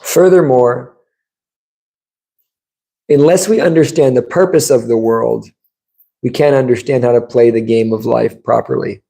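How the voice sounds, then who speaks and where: Gravelly, mellow-voiced man giving a temple class. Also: mid-range voice, measured pace, long pauses, low-quality recording. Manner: conversational storytelling, acts out quotes. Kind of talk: sermon. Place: temple room.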